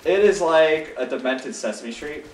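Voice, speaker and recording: A man riffing over gameplay, his pitch leaping around as he jokes and rambles. He sounds set back from the mic in an echoey room with some faint hiss behind him. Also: lively intonation, unhurried, far from the mic. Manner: jokey, rambling, laughs often. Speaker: gaming video co-host. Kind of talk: casual gameplay chat.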